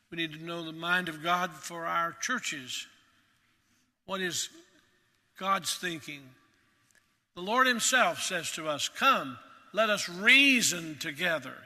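A pastor, a man with a very bright, slightly high voice, preaches earnestly to his congregation. His words ring out through a reverberant church sanctuary. He repeats phrases for emphasis. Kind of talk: sermon.

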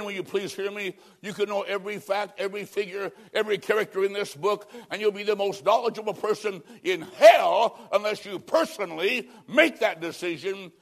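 A male preacher with a fairly high voice delivers a sermon with emphatic, dramatic force. He swings from loud declarations down to a near hush and acts out the people he quotes in his own voice.

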